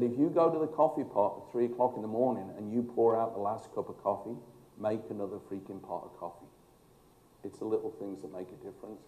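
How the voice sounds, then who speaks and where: A man's voice: lowish voice, warm tone. A man, a former fire chief, telling emphatic stories with dry humor in a speech to an audience. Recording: echoey hall.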